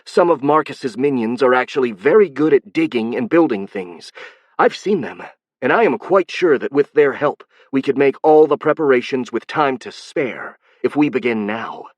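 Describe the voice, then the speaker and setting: A man reading an audiobook, voicing a calm young woman strategist who explains things in a measured way. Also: medium pitch, dry recording, pitched above the performer's own voice, natural voice. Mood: explaining. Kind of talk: audiobook narration.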